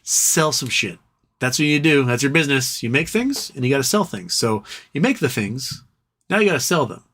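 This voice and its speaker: A man's voice: mid-range voice, expressive, normal speed, a bit bright, slightly rough. Casual, profane male livestream host. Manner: loose, profane, joking and repetitive. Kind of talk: casual livestream chat reading viewer comments.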